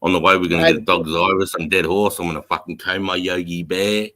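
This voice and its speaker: A very low-pitched Australian man with a bright, forceful edge to his voice. He chats on a livestream, swearing freely and laughing through his yarns, with a love of rhyming slang. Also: steady tone, fast talker. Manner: profane, laughing storyteller fond of rhyming slang. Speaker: livestream co-host. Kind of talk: casual chat.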